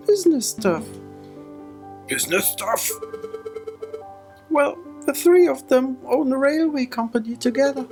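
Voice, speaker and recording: A man doing a chirpy young cat lady, very high. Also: mellow, full character voice. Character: excitable young female cat noblewoman. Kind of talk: let's play voice reading.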